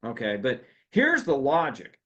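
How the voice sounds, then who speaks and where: A man giving a live seminar on workplace rules, animated and often turning questions back to his audience. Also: medium pitch, a little slow, lo-fi sound. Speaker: workplace law and HR seminar speaker.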